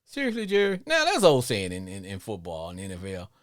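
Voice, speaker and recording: A middle-aged man hosting a live sports call-in show, rambling and repeating himself as he talks, with frequent chuckles. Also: brisk. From Arkansas, with Louisiana family. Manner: rambling, repeats words, laughs often, lively swings in pitch. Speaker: podcast host.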